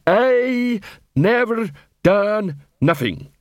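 A hulking, sulky troll drags out every word in a low growl, as a man reads him aloud. The delivery is very slow and oddly colored, recorded dry and close. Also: sing-song, dry recording, full character voice. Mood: sullen. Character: sullen hulking troll prisoner.

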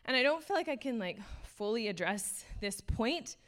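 A woman's voice: fairly high pitch, animated, moderate pace, a bit bright. A young adult woman giving an earnest, casual sermon, full of fillers and passing laughs. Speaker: speaker.

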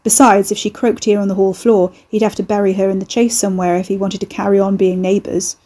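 Woman, audiobook narrator, husky tone, mellow, steady storytelling. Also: medium pitch, fast. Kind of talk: scripted narration.

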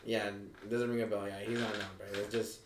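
A man's voice: lowish voice, little pitch movement, quick pace, distant mic. A young man co-hosting a casual podcast, laid-back and profane in his banter. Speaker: podcast co-host. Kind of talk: casual chat. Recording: echoey room, a bit off-mic, faint noise.

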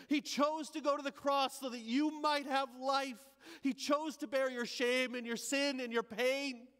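Voicing the repentant thief on the cross, a male pastor gives a heavily acted, dramatic first-person monologue at a church service. His very high-pitched voice is pushed up and fills a big room as he goes, halting and emotional, from hushed remorse to crying out.

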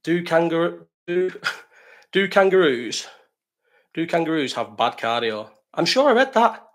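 A man's voice: a little high, sing-song, measured pace. A man hosting a casual live stream, reading chat questions, rambling, swearing and laughing.

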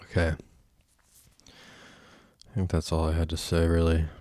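Young male podcaster, deep voice, rambling and self-mocking, crude. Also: monotone, slow pace, darkish tone, dry recording, clean studio sound. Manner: rambling and self-deprecating, swears often. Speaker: podcast host. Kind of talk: casual solo podcast monologue.

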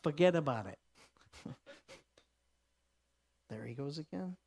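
A man preaching a sermon, acting out the people in the story and swinging from loud declarations to hushed whispers. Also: on the high side, expressive, takes it slowly, vocal fry, a little hiss or hum.

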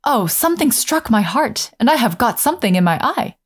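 A woman's voice: a little high, very animated, brisk, slightly rough, pitched above the performer's own voice. A woman doing a sneering young boy. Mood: complaining. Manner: sneering, petulant. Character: young boy, turning cold and mocking.

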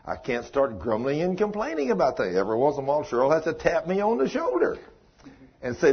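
An older man with a drawl delivers a folksy sermon. His voice is a bit husky and leaps up on emphatic lines. The recording sounds dull and lo-fi. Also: a little high, sing-song, fast talker. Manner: folksy, emphatic preaching with rising exclamations. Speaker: preacher. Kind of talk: sermon teaching.

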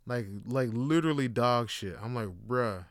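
A man's voice: mid-range voice, a little slow, a bit bright, clean tone, dry recording, studio quality. A young man, hosting a podcast and telling profane, rambling stories with laughter. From Canada. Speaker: podcast host. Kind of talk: casual monologue.

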